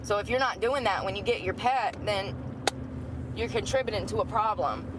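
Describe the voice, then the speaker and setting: A woman's voice: medium pitch, moderate pace. A woman chatting in a rambling, gossipy vlog outdoors near a store. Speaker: vlogger. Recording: outdoor traffic noise.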